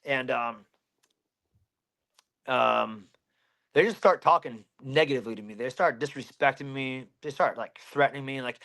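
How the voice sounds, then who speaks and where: A man's voice: medium pitch, moderate pace, long pauses, sharp tone. A man in his thirties from Pennsylvania, a fighter telling a story in an interview, blunt and heavy with swearing.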